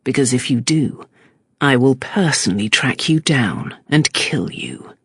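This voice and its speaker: A composed, stern magistrate , as a narrator puts him on, speaking in measured, quietly threatening lines. The voice is dry and close. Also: medium pitch, lively intonation, dry recording, natural voice. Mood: cool, stern. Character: stern, calm male magistrate, middle-aged.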